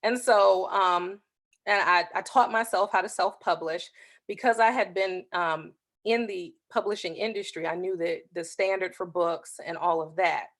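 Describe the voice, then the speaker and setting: An author in her thirties hosts her own show, casually and lively telling a personal story and performing the other people's lines. Her voice is on the low side at normal speed.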